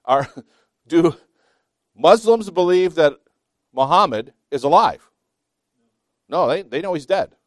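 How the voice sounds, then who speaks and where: A man teaching a Bible class, reading scripture slowly with emphasis between chatty asides and small self-laughs. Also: a little high, animated, no echo, clean studio sound.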